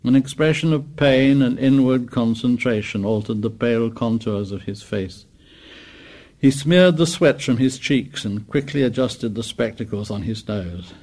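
Gravelly male audiobook narrator. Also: mid-range voice, measured pace, a little mellow.

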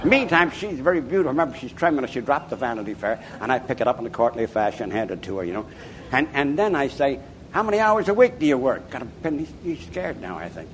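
An older man from Chicago, an author interviewed about his life, telling anecdotes in an emphatic, animated way. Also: mid-range voice, noisy background. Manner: animated, emphatic, chuckling raconteur. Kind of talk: anecdotal storytelling.

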